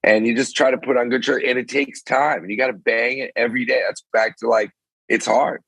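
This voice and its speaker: Husky-voiced man talking casually. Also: medium pitch, no echo, rough recording. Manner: animated, rambling, talks in quick bursts. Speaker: venue owner and concert promoter. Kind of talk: casual chat. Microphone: phone call.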